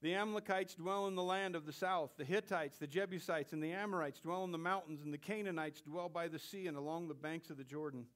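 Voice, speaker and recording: A man with a fairly high voice preaches a sermon to his congregation in church. He swings from loud, excited exclamations to hushed whispers and teases the crowd in a playful way. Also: fast, hardly any pauses. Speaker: pastor.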